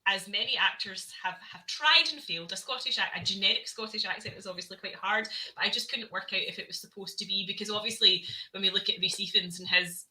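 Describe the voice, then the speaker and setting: Bright-sounding woman on a movie podcast, animated, laughing as she talks. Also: medium pitch, fast, few pauses, poor audio. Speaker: podcast co-host. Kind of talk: casual film review chat.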